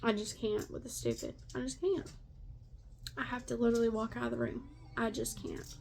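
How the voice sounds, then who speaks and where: A woman's voice: a little high, little pitch movement, moderate pace, creaky, a little mellow. A middle-aged woman venting bluntly about family drama, exasperated, swearing freely and repeating herself for emphasis. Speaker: stepmother vlogger. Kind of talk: venting rant to camera.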